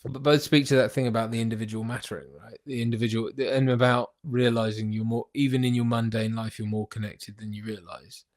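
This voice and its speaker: Male co-host, animated film chat, laughs a lot, mid-pitched. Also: fairly quick, few pauses, no room sound, clean studio sound. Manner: enthusiastic, laughs often, acts out movie lines. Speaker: podcast co-host. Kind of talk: casual film review chat.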